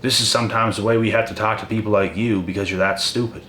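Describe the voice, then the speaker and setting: A man's voice: lowish voice, fairly even intonation, fast talker, pushed and bright. A man giving a blunt, profane, confrontational motivational rant straight at his viewers. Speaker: motivational channel host. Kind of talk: ranting motivational monologue. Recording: echoey room with faint noise.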